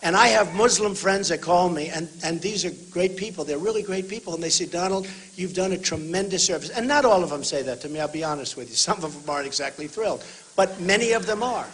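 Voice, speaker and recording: A man giving a campaign rally speech on a stage microphone in a large venue. He speaks emphatically in short repeated phrases, often shouting to the crowd and calling them folks. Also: high voice, expressive, quick pace, a little hiss or hum, poor audio. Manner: talks directly to the audience, addressing them as folks. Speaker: political candidate speaking at a rally.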